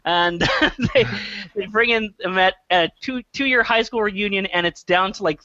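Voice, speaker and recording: A man's voice: sits high, a little slow, pushed and bright, no room sound, muffled recording. A man co-hosting a podcast, recapping a film in a rambling, casual way full of fillers. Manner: rambling, filler-heavy retelling with chuckles. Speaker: podcast co-host. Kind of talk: casual comedic movie review.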